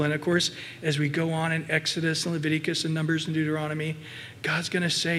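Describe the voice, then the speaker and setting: A man preaching a sermon as pastor, emphatic, sinking to soft low asides and rising to loud, mimicking passages. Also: monotone, fast. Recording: long hall reverb.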